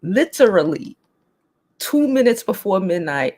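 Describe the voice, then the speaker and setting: A woman's voice: mid-range voice, animated, normal speed. A woman hosting a casual livestream chat and reading the comments, blunt and talkative, who laughs often and swears freely. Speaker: host.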